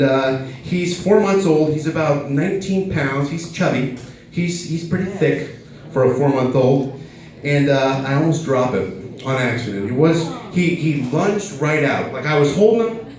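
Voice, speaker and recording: Thirtysomething guy doing standup, slightly high voice, rambly and self-mocking, sounds far from the mic in a super echoey room. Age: 30s. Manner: rambling, self-deprecating, with many fillers. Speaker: stand-up comedian. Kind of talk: stand-up comedy set.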